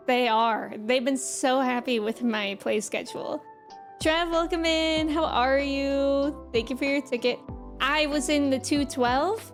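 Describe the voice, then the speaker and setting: Woman streamer, high voice, chatty and rambling, casual live chat, faint music behind. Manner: chatty and rambling, greets viewers, many "like" fillers.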